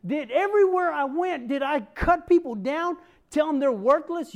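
A woman in her fifties preaching a sermon, animated and acting out the voices she quotes. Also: sits high, moderate pace. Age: 50s.

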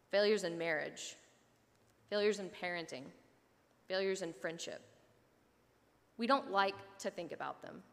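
A woman preaching a sermon, telling a story and voicing the fishermen with lively asides. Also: medium pitch, long reverb tail.

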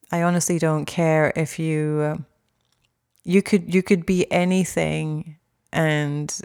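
A woman's voice: sits low, creaky, smooth. A woman in her forties talking in a casual, rambling way, with many restarts and fillers and frank, mildly sweary speech. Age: 40s. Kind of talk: casual chat.

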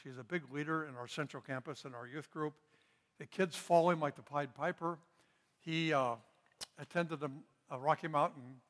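A man's voice: mid-range voice, a bit bright. A middle-aged male pastor leading a parenting seminar, teaching in an earnest, folksy way and telling stories with asides. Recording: long hall reverb.

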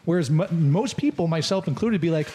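A man hosting a casual podcast, energetic and loud, tossing questions to guests. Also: on the high side, a little fast, big-room sound. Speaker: podcast host.

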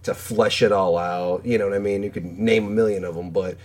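A man in casual podcast chat, slangy and animated, who jumps into high squeaky voices when quoting film scenes. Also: brisk. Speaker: podcast guest.

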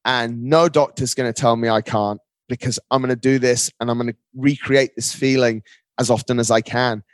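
A man, a podcast guest, telling a personal story in casual conversation. He talks in an animated way and keeps saying "mate.". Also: medium pitch, moderate pace, no echo. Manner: animated, often says "mate".

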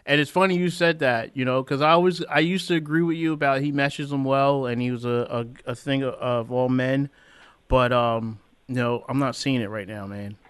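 A man's voice: medium pitch, steady tone, normal speed, smooth, no echo. A man hosting a casual sports podcast, talking emphatically and repeating phrases for effect as he vents. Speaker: podcast host.

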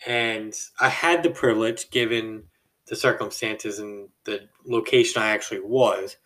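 A young adult man casually telling a story from his job on a podcast, animated and acting out the people in it. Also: on the low side, measured pace, recorded from a distance, rough recording. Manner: animated, acts out quoted people with a raised voice. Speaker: podcast host.

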